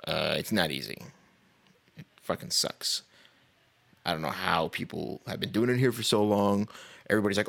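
A man with a very low voice and a gravelly, creaky edge rants on his own podcast. He talks bluntly and profanely, with a sarcastic bite and laughs between his points. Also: lively intonation, normal speed, long pauses, pushed and bright. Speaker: podcast host. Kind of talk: casual podcast rant.

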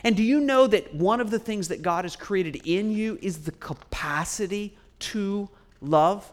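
A man with a notably high-pitched voice preaches a sermon to a church congregation. He talks slowly and deliberately, drops to near-whispers and then surges into booming lines, and calls for amens and neighbor responses. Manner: dramatic swings from hushed to booming, drawn-out emphasis. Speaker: pastor.

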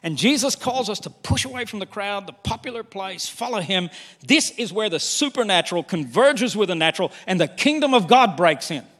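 A male pastor preaching a sermon in an animated way, often slipping into quoted voices. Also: high-pitched, a little fast, big-room sound.

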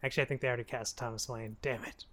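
Laughing often, a male podcast co-host recaps a TV show in casual chat, acting out the characters in quick quoted lines. His voice sits at medium pitch with a level, slightly bright tone.

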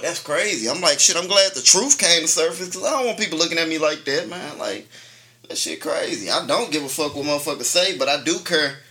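A man's voice: on the high side, sharp tone. A man co-hosting a casual talk show, telling a long story in a laid-back, profane way and laughing often. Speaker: podcast co-host.

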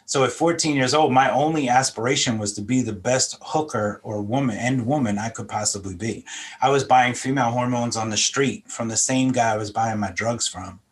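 A middle-aged Philadelphia man gives earnest personal testimony in an interview, speaking in a mid-range voice at a moderate pace. He's reflective, repeating words as he gathers his thoughts.

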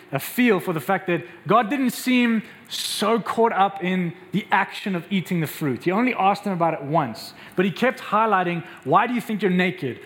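A man preaching a sermon as a pastor, asking the congregation questions and acting out the lines he quotes. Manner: acts out quoted voices with raised pitch, asks the crowd questions.

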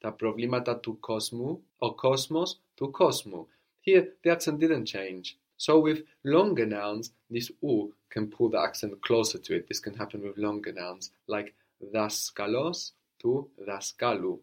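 Male tutor, lowish voice, patient step-by-step explainer who repeats words slowly for the learner. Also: darkish tone. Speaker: language teacher. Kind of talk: spoken language lesson.

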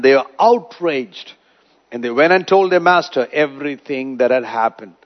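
A man preaching a sermon, retelling a parable with dramatic storytelling and wide swings in loudness. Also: fairly high pitch. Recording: dull lo-fi recording.

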